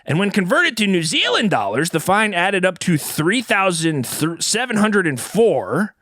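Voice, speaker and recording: A man's voice: sits high, big pitch swings, a little slow, pushed and bright, no room sound, clean studio sound. A man hosting a comedy podcast, reading a news story aloud in an over-earnest announcer manner. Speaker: podcast host. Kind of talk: comedic mock-news talk show.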